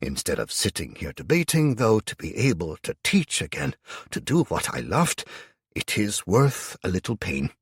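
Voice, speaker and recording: A man's voice: fairly low pitch, huge pitch swings, normal speed, vocal fry, breathy edge, no echo, studio quality, voice pushed up, full character voice. A man voicing a stoic, injured old man in an audiobook, formal and kindly in manner. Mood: wry, stoic.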